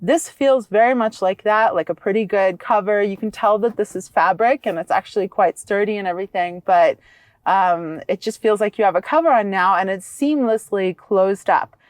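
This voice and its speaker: A woman co-hosting a car review vlog, chatting casually and excitedly, laughing easily, from inside a vehicle and beside it. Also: medium pitch, normal speed, no echo. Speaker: vlog co-host.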